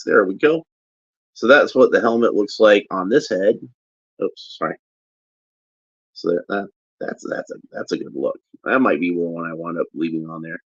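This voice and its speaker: A man giving casual, halting unboxing commentary as a toy reviewer, often restarting as he handles a figure. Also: sits low, a bit bright, husky, no echo. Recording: dull lo-fi recording.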